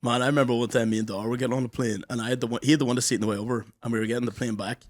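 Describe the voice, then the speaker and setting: A young man co-hosting a podcast, telling crude stories in casual chat and acting out the people in them. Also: mid-range voice. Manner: rapid, animated, swearing, acts out the people in his stories. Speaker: podcast co-host.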